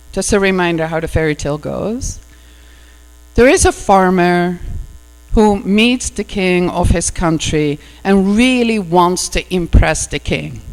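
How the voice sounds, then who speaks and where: Woman minister telling a story in an echoey hall. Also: on the low side. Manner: warm conversational storytelling with fillers like "you know". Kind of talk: sermon with storytelling. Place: church hall. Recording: echoey hall with mains hum.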